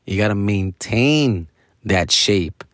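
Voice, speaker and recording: A young man with a Chicano accent, switching into Mexican Spanish slang as he vlogs to viewers, profane and animated. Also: on the low side, slow pace, no echo, studio quality. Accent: Chicano, English mixed with Mexican Spanish slang. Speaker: vlogger taking acting classes. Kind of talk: casual monologue to viewers. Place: small dim room with a lamp.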